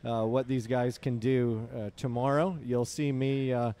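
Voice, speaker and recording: A man doing live sports commentary from a tent booth, explaining the race in a relaxed way with dry humor. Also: mid-range voice, a little slow, clean tone. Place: tent booth at a beach event.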